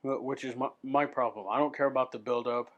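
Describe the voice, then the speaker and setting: A man's voice: mid-range voice, steady tone, brisk, dull audio. A man ranting to his camera in an unscripted vlog, swearing freely and stumbling over repeated words as he restarts his sentences. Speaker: vlogger.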